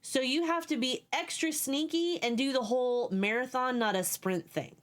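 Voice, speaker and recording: A woman's voice: high voice, moderate pace. A woman live streaming a video game, chatting casually, swearing at enemies and thanking viewers.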